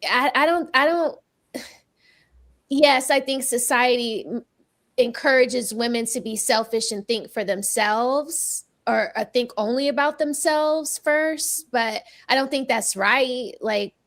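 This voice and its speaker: A young woman hosts a casual panel debate in a fairly high voice. She talks hesitantly, stopping and restarting her sentences as she thinks out loud. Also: slow. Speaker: podcast panel host.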